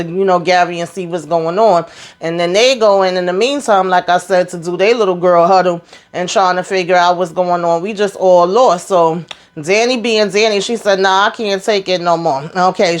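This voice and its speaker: A woman hosting a casual TV episode recap, chatty and slangy, acting out the characters' lines as she goes. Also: on the low side. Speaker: TV recap host.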